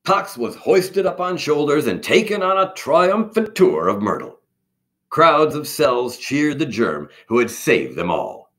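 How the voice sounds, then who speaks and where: A man narrates a children's picture book at an unhurried pace. His pitch swings widely as he tells the story, keeping it vivid and animated for young listeners. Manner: slow, expressive storytelling. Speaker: storybook reader.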